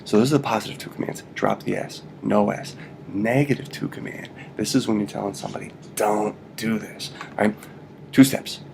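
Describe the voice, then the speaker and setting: A man's voice: lowish voice, vocal fry, a little hiss or hum. A man teaching a casual video lesson on Spanish grammar, playful and jokey, checking in with "right?" after nearly every point. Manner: playful, repeats "right?" constantly, jokey asides.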